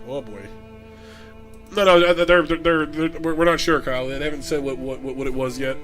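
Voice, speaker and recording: Bright-voiced chatty male streamer. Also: fairly high pitch, moderate pace, faint music behind. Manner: chatty, stammering restarts, chuckling. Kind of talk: casual live game commentary.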